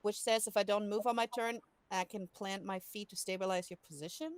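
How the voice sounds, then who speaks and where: Female player, talkative, mid-pitched, very dry recording. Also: steady tone, fairly quick, no room sound. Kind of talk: tabletop game play.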